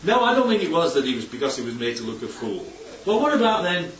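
A man delivers a conversational sermon in a chatty style, constantly posing rhetorical questions to the congregation as his voice rises and falls widely. His voice is on the high side, very animated, fast and a bit bright. He sits far from the mic in an echoey church hall, and the recording is somewhat dull with faint background noise.

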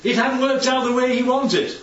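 Giving a chatty, conversational sermon, this man keeps hurling rhetorical questions at his congregation. His voice is very high-pitched and fairly bright, at a moderate pace. The audio comes from a distant, dull mic in an echoey hall with slight background noise.

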